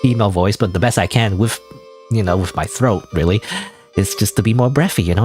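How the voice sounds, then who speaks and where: A man with a naturally deep voice rambling self-deprecatingly through casual gaming commentary. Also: fairly quick, darkish tone, faint music behind. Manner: rambling, self-deprecating, lots of fillers and laughs. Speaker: gaming streamer. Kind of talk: casual let's-play commentary.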